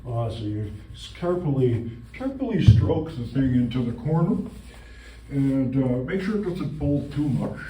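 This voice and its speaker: A man's voice: mid-range voice, sing-song, normal speed, dark tone, distant mic, slight background noise. A man doing goofy improvised comedy sketches in a playful, silly way, saying "okay" a lot. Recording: roomy echo.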